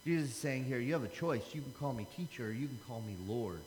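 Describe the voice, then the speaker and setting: A man's voice: medium pitch, quick pace, darkish tone, slight background noise. A man in his thirties preaching a casual, conversational sermon, acting out the Bible dialogue. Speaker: pastor. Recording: long hall reverb.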